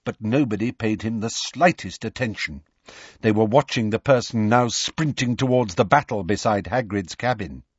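A man narrating an audiobook in an expressive storytelling manner. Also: lowish voice, normal speed, husky, dry recording, dull audio. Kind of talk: scripted narration.

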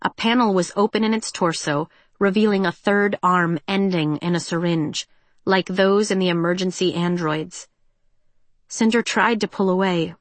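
A woman reading a story aloud as narrator, in a measured, even delivery. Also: lowish voice, no echo. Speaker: audiobook narrator. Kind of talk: scripted narration.

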